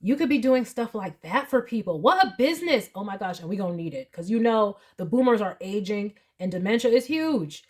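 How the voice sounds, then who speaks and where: A woman's voice: medium pitch, lively intonation, brisk, few pauses, breathy edge. A woman giving a tarot reading to camera, earnest and emotional, with many fillers. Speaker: tarot reader.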